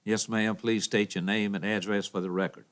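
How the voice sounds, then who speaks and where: A man's voice: on the low side, little pitch movement, normal speed. A man chairing a county board meeting, formal and procedural as he calls on speakers.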